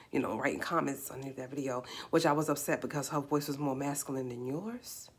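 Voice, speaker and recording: Husky low-voiced New York woman. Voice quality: slightly raspy. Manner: emphatic, fires rhetorical questions. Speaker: livestream host. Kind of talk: casual live commentary.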